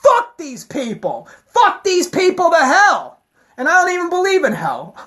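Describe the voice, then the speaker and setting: A woman's voice: very high-pitched, huge pitch swings, measured pace, a bit bright. A woman giving a heated, profane, rambling rant to her camera. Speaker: vlogger.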